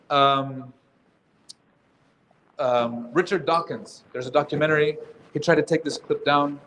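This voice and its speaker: A man's voice: medium pitch, a bit bright, slight background noise. A man leading a workshop as its teacher, speaking in a conversational way, quizzing the audience and throwing in jokes. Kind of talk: interactive workshop lecture. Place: workshop room with a live audience.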